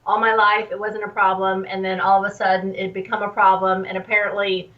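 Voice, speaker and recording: Woman guest phoning in, sounds far off and muffled, talks slow and careful with lots of ums. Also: mid-range voice, level tone. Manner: measured, thoughtful, with frequent ums. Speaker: guest trader. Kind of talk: phone-in interview. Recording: dull distant phone call.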